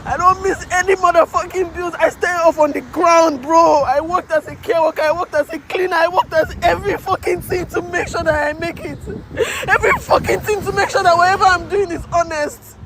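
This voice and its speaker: A woman's voice: very high-pitched, steady tone, a little fast, low-quality recording. A woman, tearful and raw, venting her frustration through repeated swearing while standing by a road. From Nigeria. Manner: raw, repetitive, swearing, breaking down. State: crying. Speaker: emigrant sharing her story. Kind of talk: emotional venting to camera. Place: outdoors by a road. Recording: loud traffic noise behind.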